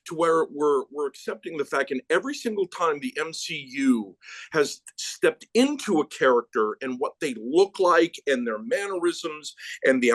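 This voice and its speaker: Animated, profane man ranting about movies. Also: no room sound, poor audio. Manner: animated, profane ranting with sudden pitch jumps. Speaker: podcast host. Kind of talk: casual movie chat.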